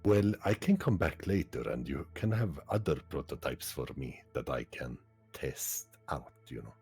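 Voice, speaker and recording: A man with a very deep voice full of fry, playing his character in a tabletop game. He bargains playfully, and his voice has a husky, breathy edge. Faint music plays behind. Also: lively intonation, normal speed, warm tone. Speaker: player. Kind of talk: casual tabletop game chat.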